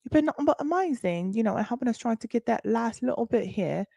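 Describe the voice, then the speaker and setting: A woman hosting a casual livestream, talking to her viewers in a loud, playful, hyped way and swearing freely. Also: a little high, expressive, fast, vocal fry, dry recording, clean studio sound. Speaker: livestream host.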